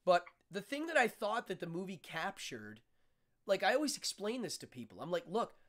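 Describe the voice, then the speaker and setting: Lively, excitable male talk host. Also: high voice, normal speed. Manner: animated, excitable storyteller. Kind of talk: casual interview chat.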